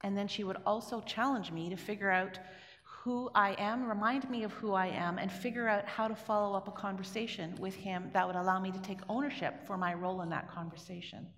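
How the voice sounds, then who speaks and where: A woman's voice: medium pitch, steady tone, a little fast, fairly bright tone. A middle-aged woman from Canada telling a personal story to an audience in a conversational way, often asking them questions. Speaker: speaker giving a talk. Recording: echoey hall with long reverb.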